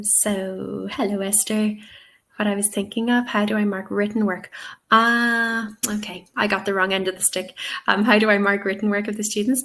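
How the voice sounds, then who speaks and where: A woman's voice: medium pitch, a bit bright. A woman teacher answering questions in a live webinar, chatty and encouraging, with many ums and okays, on a webcam. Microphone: webcam on video call.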